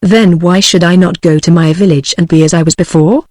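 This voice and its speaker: A gentle young warrior maiden, read by a text-to-speech voice at a medium pitch. The reading stays even and plain, with no change of voice for her. The sound is dry and close. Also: fairly quick, no room sound, lightly acted. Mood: earnest. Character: young peasant woman turned gentle warrior.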